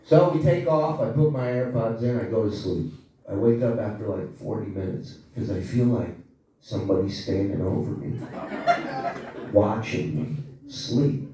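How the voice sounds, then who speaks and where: A man's voice: on the low side, moderate pace. A man doing a stand-up comedy set with sarcastic, profane storytelling, recorded live in a comedy club. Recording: echoey club room, crowd noise, from far off. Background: audience laughter.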